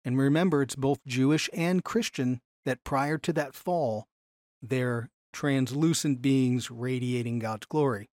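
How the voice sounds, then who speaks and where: A man teaching a Bible class from slides in an animated way, slowing down to stress key phrases. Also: medium pitch, no room sound, clean studio sound.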